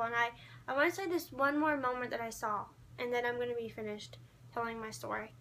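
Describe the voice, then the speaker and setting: A woman telling a concert story to her camera in an excited, gushing, starstruck way. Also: fairly high pitch, slight background noise.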